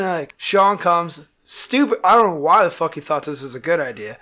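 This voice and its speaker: A man's voice: on the high side, fairly quick, hardly any pauses. A man, a touring metal musician, telling tour anecdotes in casual, profanity-heavy podcast chat. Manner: swears constantly, animated tour anecdotes.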